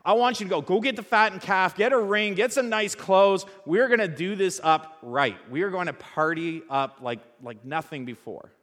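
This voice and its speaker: Joyous rich father, as a preacher acts him out, raised high voice, booming, long echoing reverb. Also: moderate pace, hardly any pauses. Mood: exuberant. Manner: excited, commanding. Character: overjoyed wealthy father calling his servants.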